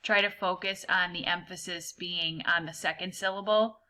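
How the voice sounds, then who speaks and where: A woman's voice: fairly low pitch, steady tone, bright, forceful tone. A woman teacher recording a reading fluency lesson for her students, patiently explaining how to pronounce words. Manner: patient, explains pronunciation slowly and clearly.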